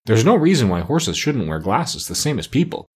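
A man's voice: mid-range voice, sing-song, normal speed, breathy edge. A man voicing a grumbling, plainspoken male plow horse. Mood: complaining. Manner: complaining, plainspoken.

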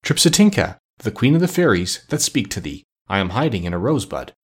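A sharp-witted, scheming parrot from a storybook, put on by a male reader. She talks briskly and bossily, always working out a plan. The voice carries a husky edge. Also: fairly low pitch, very animated. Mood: mock fairy grandeur. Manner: brisk, bossy, hushed at times.

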